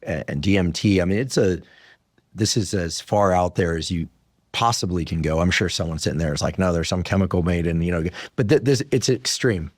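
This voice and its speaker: Casting: very deep-voiced man, podcast host, calm and explanatory, dry studio. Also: a little fast, dry recording. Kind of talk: interview conversation.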